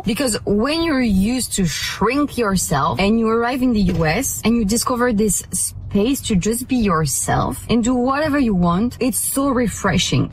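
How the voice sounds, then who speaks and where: A woman's voice: a little high, a little hiss or hum. A French woman speaking English with a French accent, earnest and reflective in a casual vlog. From France.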